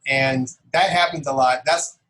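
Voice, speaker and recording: A man's voice: medium pitch, measured pace, low-quality recording. A middle-aged man, a comic book artist, talking casually as an interview guest and chuckling as he tells anecdotes. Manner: animated, chuckles while telling anecdotes. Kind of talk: casual storytelling.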